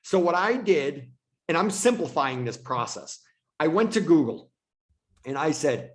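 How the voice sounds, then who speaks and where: A man who leads a real estate team teaches agents during an online training on a video call, keeping it casual and repeating himself for emphasis. His voice is a little high and expressive, and he speaks a little slowly.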